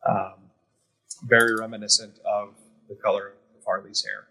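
A man's voice: fairly low pitch, little pitch movement, normal speed, pushed and bright, husky, poor audio. A man playing a tabletop role-playing game, describing his character's actions hesitantly and thoughtfully. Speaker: player.

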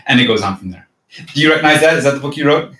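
A man hosting a book podcast, speaking in a measured, formal way and reading a review aloud with expression. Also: mid-range voice, animated, sharp tone, reverberant, poor audio. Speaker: podcast host.

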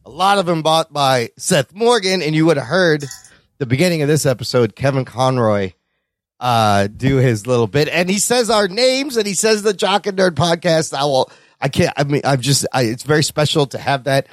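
A man's voice: a little high, lively intonation, moderate pace, no room sound. Chatty podcast host, a man with a dry close sound. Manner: talkative, enthusiastic, many restarts. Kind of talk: casual chat.

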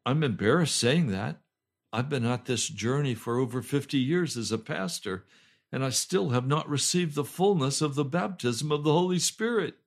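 An older male pastor, slightly hoarse, preaching a fervent sermon that swings between loud pleading cries and low, intense urging. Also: lively intonation, moderate pace. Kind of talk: impassioned home sermon video.

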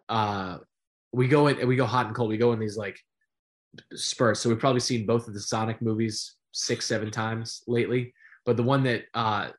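A middle-aged man, a sportscaster guest, telling stories in a casual interview, animated and full of fillers. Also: lowish voice. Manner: animated storyteller with many fillers.

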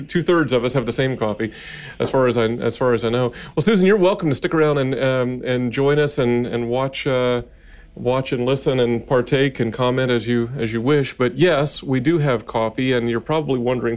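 A man's voice: medium pitch, fairly quick. A man co-hosting a podcast in casual chat, playful and talkative, explaining things at length. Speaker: podcast co-host.

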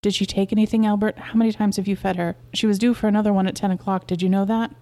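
A woman's voice: medium pitch, fast, close to an everyday voice. A woman voicing Mabel, an anxious, worn-out young mother who swings from tearful to fussing, in a story reading. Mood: flustered. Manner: tearful, then excited and fussing.

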